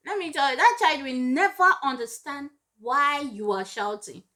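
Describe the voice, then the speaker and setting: A high-pitched woman talks earnestly about raising children. She is emphatic and repeats each point to drive it home, like a parent lecturing other parents. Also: measured pace, sharp tone. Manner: acts out scolding parents in raised voices. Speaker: parenting advice vlogger. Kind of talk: direct-to-camera advice talk.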